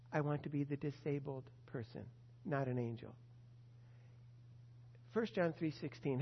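An older man, a grandfather, preaching an earnest sermon that rises to loud emphasis on key words. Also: on the high side. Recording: dull long-reverb hall sound.

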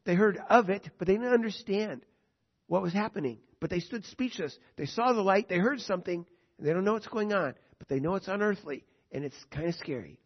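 A man's voice: high-pitched, expressive, brisk, husky, highs cut off. A man teaching a Bible study lesson, reading scripture aloud and then explaining it in plain words, with rhetorical questions to his listeners.

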